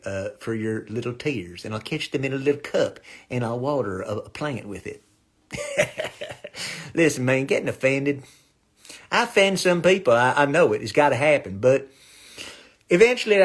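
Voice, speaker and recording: Husky-voiced man rambling crude comedy. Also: mid-range voice. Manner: fast, swaggering and crude, with whoops and laughs. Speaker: comedian doing a live stream. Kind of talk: rambling comic monologue. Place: small home studio. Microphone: phone or webcam on a live stream.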